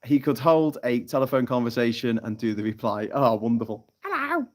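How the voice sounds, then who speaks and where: A man's voice: medium pitch, fairly even intonation, fairly quick, a little mellow. Brief: male stream host, casual and sweary, chatty joke-teller, mid-range voice. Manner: chatty and sweary, telling jokes with lots of laughter. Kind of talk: casual live-stream chat reading out chat comments. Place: off-grid tropical island, from a hammock.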